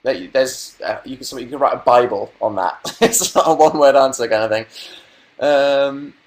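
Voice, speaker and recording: Casting: young British guy, live-stream host, deadpan and playful, mid-range voice, talks into a webcam mic. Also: medium pitch, normal speed. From Britain. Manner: dry, sarcastic, playful asides. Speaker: livestream host. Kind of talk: casual live-stream chat, reading viewer comments.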